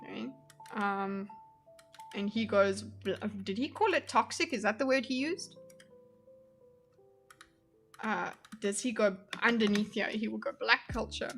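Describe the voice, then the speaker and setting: A woman's voice: mid-range voice, a little slow, long pauses, a bit bright, soft background music. A woman from Spain giving casual, chatty reaction commentary, swearing and laughing as she gets heated. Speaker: video commentator.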